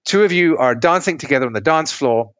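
Man calmly explaining relationships, dry sound. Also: fairly high pitch, a little fast, no echo. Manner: explains patiently with metaphors, asks if it makes sense. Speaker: relationship coach, podcast guest. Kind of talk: conversational interview explanation.

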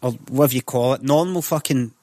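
Scottish man, animated sweary storyteller, middle pitch, dry close sound. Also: fast talker, no echo. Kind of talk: casual storytelling.

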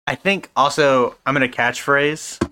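This man has a medium-pitched, fairly even voice that runs a little slow, with a bright, forceful tone and a slight hiss or hum in the audio. He's a player at a tabletop game, joking around with the group.

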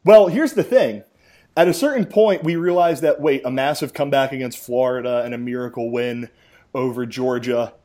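A man's voice: a little high, a little mellow. A man hosting a casual sports podcast, wry and chatty as he rattles through scores and results. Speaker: podcast host.

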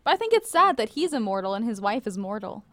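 Female podcast co-host, slightly high, dry recording, playful and quick to laugh. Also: big pitch swings, fairly bright tone, dry recording. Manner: playful, teasing, laughs often. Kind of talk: casual chat.

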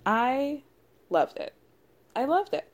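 Young woman, casual recap, sarcastic, chatty, quick asides. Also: sits high, sing-song. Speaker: reality TV recap host.

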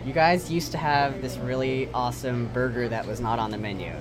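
A man in casual chat, animated and joking, laughing a lot, with a crowd around. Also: mid-range voice, brisk.

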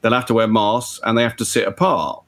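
A man's voice: on the low side, steady tone, brisk, fairly bright tone. A man, a comedian chatting casually in a conversation, rambling with restarts.

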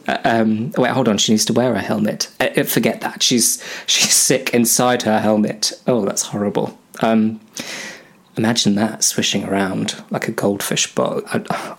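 A man's voice: lowish voice, vocal fry, a bit bright, breathy edge. A man improvising a space story aloud, rambling and self-mocking. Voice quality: self-mocking, full of ums and restarts.

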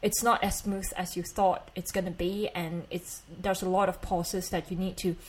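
A woman's voice: on the low side, flat delivery, normal speed, a little mellow, husky, rough recording. A woman from Malaysia with a Malaysian accent, co-hosting a casual podcast chat in a rambling way with lots of fillers. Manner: giggly, rambling, many fillers. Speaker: podcast co-host.

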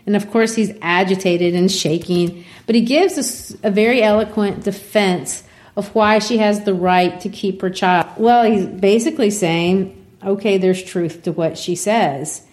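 A woman teacher giving a literature lesson, retelling a story lively with casual asides. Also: medium pitch.

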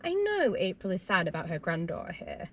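A woman's voice: on the low side, wildly swooping pitch, a little fast, a bit bright. Chatty woman giving opinionated commentary. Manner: chatty and opinionated, reacting with feeling. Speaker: vlogger recapping a reality TV episode. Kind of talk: casual recap commentary.

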